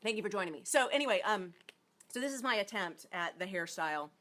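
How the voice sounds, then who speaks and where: A woman hosting a relaxed live stream as an acting coach. Her talk is bubbly and chatty, and she greets viewers by name. She speaks at an everyday middle pitch. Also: quick pace. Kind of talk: casual live-stream chat.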